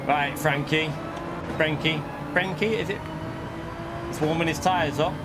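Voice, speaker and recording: With a steady, unhurried voice on the high side, a man gives live commentary while streaming a racing game, ranting indignantly at chat between lots of laughs. Music and noisy car engine sounds fill the background.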